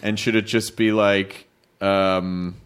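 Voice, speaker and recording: A man's voice: deep voice, flat delivery, slow, clear, resonant tone. A man hosting a podcast, brainstorming playfully with crude jokes and frequent restarts. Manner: playful, profane, thinks aloud with restarts. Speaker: podcast host. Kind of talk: casual chat.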